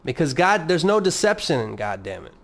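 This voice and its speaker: A man's voice: fairly high pitch, sing-song, brisk, creaky, a bit bright. Rambling, profane male podcast host. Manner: rambling, profane, self-mocking. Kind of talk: casual solo podcast monologue.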